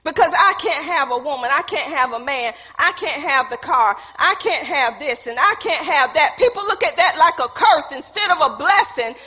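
High, bright-voiced woman preaching. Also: animated, moderate pace, few pauses. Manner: calls out to the congregation, laughing, playful. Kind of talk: lively sermon. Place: church hall. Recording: reverberant church hall.

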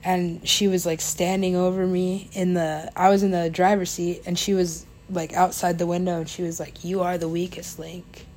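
A young woman with a fairly low voice tells a personal story in a loose, chatty way. She rambles, leans on filler words, laughs often and swears freely. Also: little pitch movement, moderate pace, hardly any pauses, a little mellow, slight background noise. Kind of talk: casual storytime.

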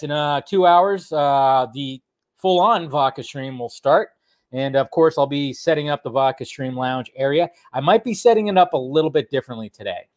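Chatty male livestream host, higher voice. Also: no echo, studio quality. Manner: laughing, rambling, animated. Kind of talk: casual livestream chat.

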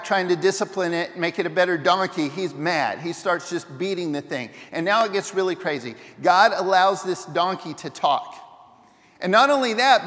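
A man preaching a sermon as pastor, retelling a story in an animated way and often restarting his sentences. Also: sits high, big-room sound.

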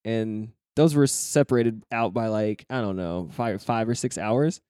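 A man's voice: fairly low pitch, unhurried, dark tone, clean tone, no echo, studio quality. A young man chatting casually on a podcast, rambling, swearing and laughing often. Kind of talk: casual chat.

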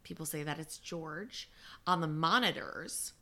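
A woman co-hosting a podcast, chatting casually and reacting with animated gasps. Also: low voice, a little slow. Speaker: podcast co-host. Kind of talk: casual chat.

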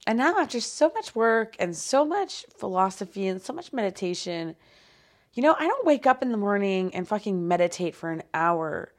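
A woman's voice: mid-range voice, big pitch swings, moderate pace. A young woman hosting a solo podcast, just woken up and yawning, talking in a rambling, self-deprecating way with many fillers and sudden drops to a whisper. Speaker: podcast host. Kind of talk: casual solo podcast monologue.

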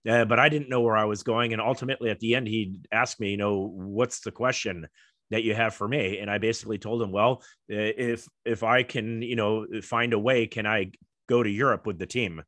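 A man's voice: fairly low pitch, fairly even intonation, brisk, a bit bright, no echo. Middle-aged american guy rambling through a story, ums everywhere, dry close sound. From United States. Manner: rambling, many fillers, acts out quoted voices. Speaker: guest, former Olympic kayaker. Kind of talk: casual storytelling interview.

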